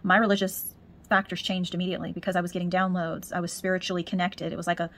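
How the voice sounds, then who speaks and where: A woman's voice: fairly low pitch, flat delivery, fast talker, a bit bright. A woman giving a spiritual tarot reading, talking in a musing way and repeating words as she searches for messages. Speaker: tarot reader.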